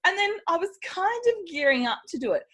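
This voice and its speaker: Lively woman, laughing co-host. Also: very high voice, brisk. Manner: chatty, laughs often, does silly voices. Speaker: podcast co-host. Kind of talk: casual chat.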